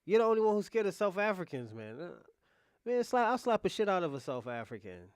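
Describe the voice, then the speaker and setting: Smooth-voiced man ranting bluntly. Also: sits high, sing-song, fairly quick, dry recording. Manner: blunt, heated, swears freely. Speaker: reaction video host. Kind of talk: casual profane rant.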